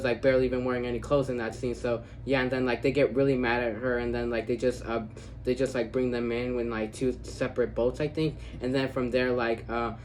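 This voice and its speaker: A medium-pitched man casually reviews a movie, rambling with many fillers; he goes quiet when quoting lines and gets loud gushing over favorite parts. There's a little hiss or hum.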